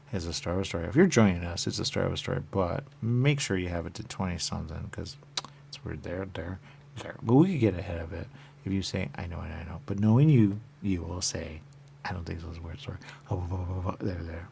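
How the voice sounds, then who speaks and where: A man hosting a radio show, rambling in a repetitive monologue with sudden loud outbursts. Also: deep voice, steady tone, a little fast, gravelly, a little hiss or hum. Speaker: radio host. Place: radio studio.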